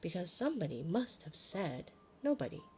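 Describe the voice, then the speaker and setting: A woman voicing a polite, slow-witted storybook bear in a soft, wondering tone while reading aloud on an ASMR stream. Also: fairly low pitch, sing-song, slight background noise. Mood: puzzled.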